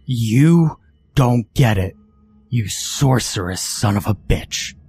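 A man voicing a panicked, hot-tempered young demon boy who pleads and shouts. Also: medium pitch, expressive, slow, husky. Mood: raging.

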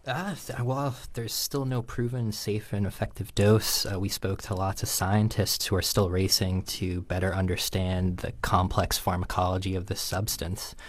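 A man speaking as a health reporter on a news panel, measured and hedging with fillers. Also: deep voice, steady tone, no echo.

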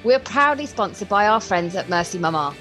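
A woman's voice: mid-range voice, animated, brisk, a bit bright. Lady podcast host, chatty and giggly, teases herself, video call, bit of music behind. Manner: chatty, giggly, self-deprecating. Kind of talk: casual chat.

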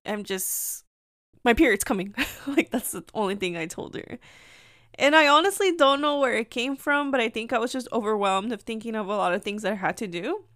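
A woman's voice: medium pitch, fairly bright tone, clean tone, dry recording, clean studio sound. A woman hosting her own podcast, telling a personal story in a candid, rambling, confessional way, slipping into Spanish phrases now and then. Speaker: podcast host.

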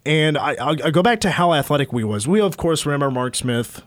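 Sports radio host, male, a bit higher voice, dry studio sound, stat-heavy breakdown. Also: animated, a little fast, dry recording. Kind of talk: sports talk radio analysis.

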